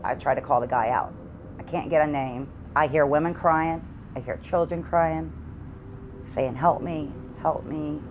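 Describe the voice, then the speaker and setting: Middle-aged woman, low voice, earnest and halting, interview testimony from her own home. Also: slight background noise. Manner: halting, repeats words, earnest. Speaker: homeowner interviewed about hauntings.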